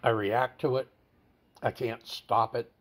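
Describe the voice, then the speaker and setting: A man's voice: medium pitch, fairly even intonation, slow pace. A man candidly telling a personal story in an interview, blunt and plain-spoken, stumbling over and repeating words as he goes. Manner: stammers and repeats words while recounting.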